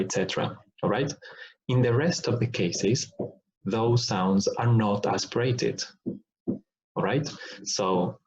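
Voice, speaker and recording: A man talks through a phonetics lesson at a slow, careful pace. He repeats example words to demonstrate each sound and often checks in with "all right?" The recording is dull and lo-fi. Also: fairly low pitch, a little mellow. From Argentina. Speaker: phonetics teacher.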